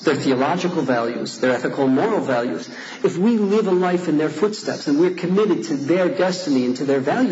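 A man's voice: on the high side, a little mellow, echoey room, slight background noise. Earnest man teaching, lo-fi recording. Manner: earnest, reads verses aloud and translates them. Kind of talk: lecture explaining liturgical poems. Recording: dull lo-fi recording.

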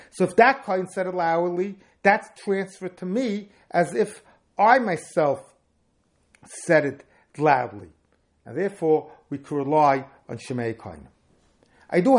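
A man's voice: fairly high pitch, a little mellow. A man, a rabbi, gives a Talmudic lecture on Jewish law in an explanatory, sing-song study-hall cadence.

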